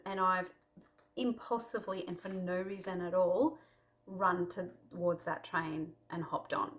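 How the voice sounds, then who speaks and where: A woman's voice: fairly low pitch, fairly bright tone. A woman hosting a casual Christian talk to camera, telling personal stories in a chatty way with lots of fillers. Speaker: Christian video host.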